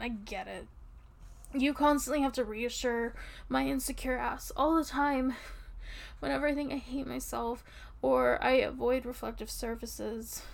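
A woman's voice: fairly high pitch, vocal fry. A woman playing a tipsy, rambling young girlfriend. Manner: rambling, giggly, soft and intimate. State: drunk. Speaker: role-play performer. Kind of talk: audio role-play to the listener.

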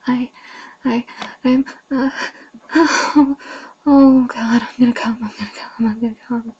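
A woman's voice: expressive, normal speed, a little mellow, slightly rough, muffled recording. Woman putting on a breathless pleading young woman. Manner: breathless, pleading, high whimpering.

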